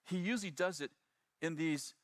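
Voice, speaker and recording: Middle-aged pastor guy telling a story in a sermon, acts out all the voices, bit high voice, dry sound. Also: normal speed, no echo. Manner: animated storyteller acting out quoted voices.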